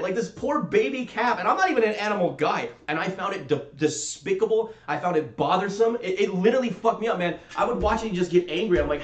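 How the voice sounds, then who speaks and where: A man's voice: high-pitched, animated, fast, few pauses. A man on a podcast ranting through a story, swearing a lot and getting heated. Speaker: podcast co-host. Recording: roomy echo.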